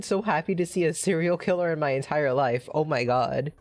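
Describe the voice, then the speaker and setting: A woman streamer giving casual let's-play commentary, excitable and chatty. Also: low-pitched, moderate pace, hardly any pauses, soft background music. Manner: excitable and animated.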